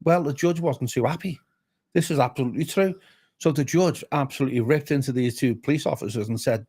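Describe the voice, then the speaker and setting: A man's voice: mid-range voice, a little fast, slightly rough. A man with a Liverpool accent, a pastor telling a story as a guest, acting out each voice he quotes. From Liverpool area, England. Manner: animated, acts out each voice in his stories. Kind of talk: casual storytelling. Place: pub bar.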